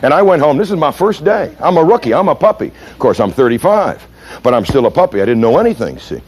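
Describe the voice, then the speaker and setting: An American man gives a storytelling lecture on police training. His pitch swings widely and he talks fast. He keeps pulling the audience in with questions. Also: breathy edge. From United States. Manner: animated, punchy storyteller who asks the audience questions.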